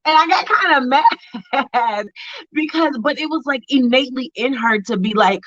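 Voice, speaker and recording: Bright, animated woman on a lo-fi call. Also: sits high, normal speed, no room sound. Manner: animated storytelling, acting out quotes. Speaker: co-host. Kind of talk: casual chat.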